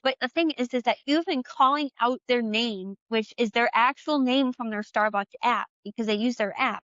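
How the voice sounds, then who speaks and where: A young woman co-hosting a podcast in casual chat, laughing often and doing deadpan barista reactions. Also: on the high side, normal speed, no room sound, dull audio. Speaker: podcast co-host.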